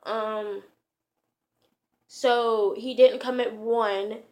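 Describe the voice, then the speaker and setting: A woman's voice: on the high side, steady tone, extremely slow, darkish tone. A woman vlogger telling a story to her viewers in a rambling, casual way, full of fillers and slang.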